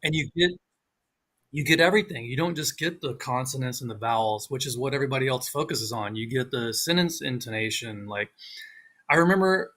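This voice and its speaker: A man co-hosting a live online talk, telling stories in a casual, animated way and acting out quoted speech with big jumps in his voice. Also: medium pitch, brisk. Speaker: co-host. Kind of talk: casual chat on a livestream.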